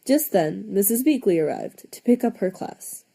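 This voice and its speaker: A young woman reading a children's storybook aloud, expressive, with lively voices for the characters. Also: medium pitch, normal speed, creaky, breathy edge. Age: young adult. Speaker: audiobook reader.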